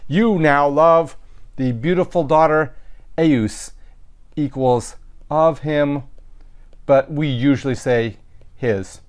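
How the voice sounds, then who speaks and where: A man's voice: fairly high pitch, slow pace, long pauses. A man teaching a recorded lesson, explaining sentences step by step in a methodical way, with some fillers and self-corrections. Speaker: Latin teacher. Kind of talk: recorded lecture walking through sentences.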